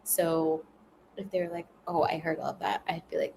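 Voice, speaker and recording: A woman's voice: on the low side, huge pitch swings, normal speed, vocal fry, pauses often, a little mellow, a little hiss or hum, low-quality recording. A woman chatting casually and rambling on a livestream, laughing often as she tells stories. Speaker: spiritual content creator.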